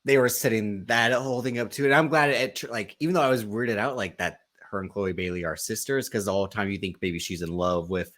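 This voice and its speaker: Low-voiced man casually discussing TV on a podcast, rambling and chuckling between thoughts. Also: brisk, few pauses, fairly bright tone. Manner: laughs often, fills with um and like. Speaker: podcast co-host. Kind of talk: casual chat.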